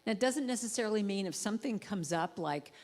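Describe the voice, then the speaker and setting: A woman gives an inspirational talk from a church stage. She speaks playfully and slips into high, comic voices to act out what people say. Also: expressive, a little fast, darkish tone. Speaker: guest speaker and musician. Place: church sanctuary. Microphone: handheld or headset mic with trouble.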